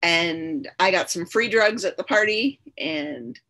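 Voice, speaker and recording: A woman's voice: mid-range voice, lively intonation, slow pace, vocal fry, sharp tone. A woman guest on a podcast, telling her own story candidly and earnestly, often repeating her phrases for emphasis. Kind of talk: personal storytelling in conversation.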